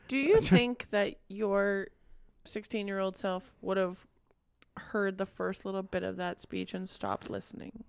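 A woman's voice: medium pitch, steady tone, unhurried, darkish tone, clean tone, no echo. A woman co-hosting a podcast in casual banter, cutting in with short teasing questions. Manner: short teasing questions, steers talk back. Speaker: podcast co-host.

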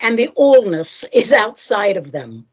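A woman's voice: medium pitch, sing-song, measured pace, slightly rough. A woman hosting a spiritual radio talk show, speaking earnestly and asking her guest leading questions. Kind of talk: conversational interview.

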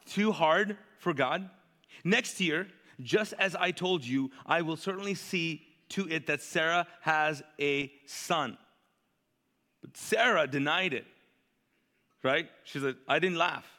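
Man, pastor, conversational sermon, bright tense voice, long church reverb. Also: a little high, takes it slowly. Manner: conversational, animated, asks the crowd to fill in words.

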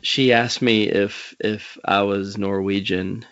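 A man's voice: on the low side, steady tone, slow, fairly bright tone, lo-fi sound. A man with a Southern US accent hosting an interview, rambling and hesitant, laughing often. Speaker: podcast host. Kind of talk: casual interview chat.

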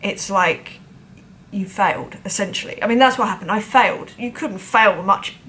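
A woman's voice: mid-range voice, normal speed, a bit bright, a little hiss or hum. A woman drummer telling a personal story to camera in a chatty, self-deprecating way, acting out the voices of other people.

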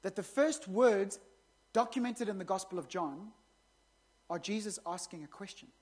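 A woman's voice: mid-range voice, normal speed, a little mellow, slightly rough. A woman pastor preaching a sermon in a conversational way, with joking asides to the congregation.

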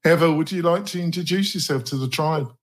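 Guy hosting a tech podcast roundtable, joking around, lots of ums. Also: a little high. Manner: jokey, laughing, halting fillers. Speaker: podcast host. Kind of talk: casual roundtable chat.

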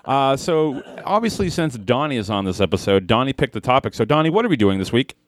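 Man with a wildly swinging pitch, joking. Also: very animated, quick pace, dry recording, studio quality. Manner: joking banter, playful asides. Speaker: podcast co-host.

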